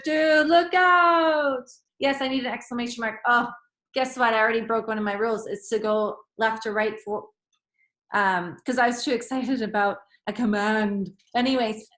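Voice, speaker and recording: A woman teacher giving a grammar lesson to children, acting out sentences in different tones of voice. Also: medium pitch. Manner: expressive, acts out sentences in varied tones. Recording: echoey room.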